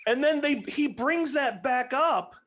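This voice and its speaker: A man hosting a podcast, reviewing a film in casual chat and telling it as an animated, joking story. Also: extremely high pitch, a little slow. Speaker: podcast host.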